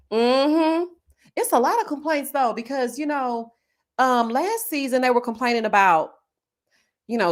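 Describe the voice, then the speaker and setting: Sassy laughing woman with lively pitch. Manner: sassy, laughs a lot, drawn-out "oh, honey" asides; southern US slang such as finna, y'all, child. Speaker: livestream host reading viewer comments. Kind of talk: casual reality-TV recap chat.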